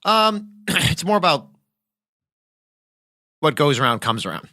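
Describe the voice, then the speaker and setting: A man's voice: on the high side, big pitch swings, unhurried, sharp tone, dry recording, clean studio sound. A man, a podcast guest who banters brashly and defensively while coughing. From Boston. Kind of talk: casual comedic banter.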